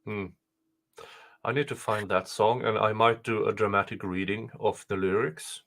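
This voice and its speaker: A man's voice: lowish voice, steady tone, normal speed, gravelly, a bit bright. A man with a Swedish accent hosting a casual livestream commentary, chatty and amused, often trailing off with fillers. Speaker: host.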